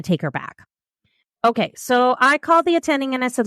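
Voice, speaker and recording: A woman host, a CT technologist, casually telling a story from her hospital shift in an animated, chatty way with many fillers and asides. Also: high-pitched, moderate pace, dry recording.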